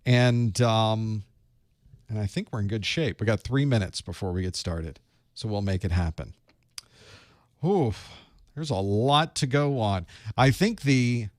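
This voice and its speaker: A man's voice: on the low side, no room sound, studio quality. A man from the Southern United States with a Southern US accent, chatting casually with viewers before a live certification study session as its instructor and host. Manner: chatty and folksy, greeting viewers by place. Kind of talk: casual livestream pre-show chat.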